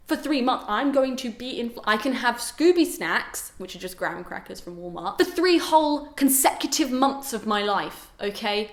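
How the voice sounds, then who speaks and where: A young adult woman chatting casually to camera as a vlogger, animated and exclaiming. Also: fairly high pitch. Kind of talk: casual vlog chat. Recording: roomy echo.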